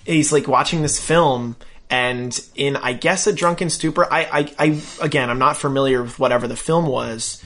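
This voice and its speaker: Male podcast co-host, casual recap, animated storyteller, mid-pitch. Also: moderate pace. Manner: chatty, animated retelling with quoted voices. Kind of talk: casual chat recapping a show.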